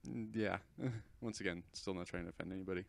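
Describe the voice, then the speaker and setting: A man's voice: low voice, steady tone, fast talker, gravelly. Rambling, goofy young man. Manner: rambling, goofy, self-deprecating. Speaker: channel host. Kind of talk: casual commentary over a screen recording.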